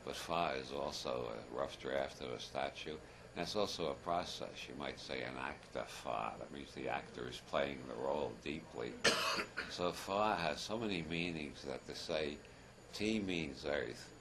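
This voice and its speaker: Very deep gravelly old man, wry. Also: measured pace. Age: older. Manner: wry, chuckling, meandering with self-deprecating jokes. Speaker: lecturer. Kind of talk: rambling humorous talk to a live audience. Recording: noisy archival audience recording.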